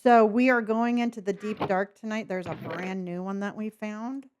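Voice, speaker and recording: A woman's voice: mid-range voice, fairly even intonation, normal speed, darkish tone, slight background noise. A woman from California, with a faint Southern lilt in her otherwise neutral accent, chatting casually with viewers on a live stream. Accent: slight Southern lilt mixed with neutral Californian. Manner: chatty and friendly, talks to pets and chat.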